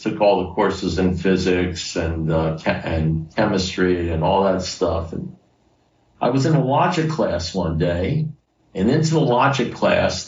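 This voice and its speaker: A man with a lowish voice tells his personal story at a recovery meeting in a loose, conversational way, circling back to repeated phrases. He sounds set back from the microphone in a roomy space. The audio is dull, like a video call. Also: darkish tone, recorded from a distance.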